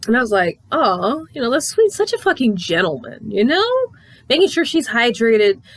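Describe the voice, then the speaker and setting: Animated woman recapping a comic. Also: on the high side, moderate pace. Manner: animated, swears casually, acts out characters. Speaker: comic reviewer. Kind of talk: casual chat.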